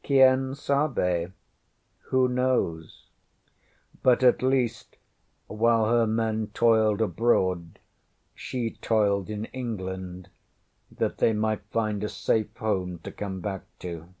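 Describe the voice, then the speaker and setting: A haughty, teasing noblewoman with archaic, wry speech, as a male reader puts her on. She speaks slowly in a fairly low, mellow register, clearly raised above the reader's own voice. It reads like a queen in disguise from an old storybook. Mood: wry, regal. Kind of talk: audiobook character voice.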